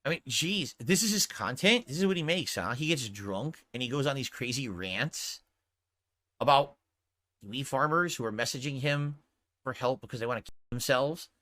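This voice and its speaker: A man's voice: medium pitch, moderate pace, pushed and bright, dry recording. A man giving reaction commentary on a video, incredulous and exclaiming with rhetorical questions.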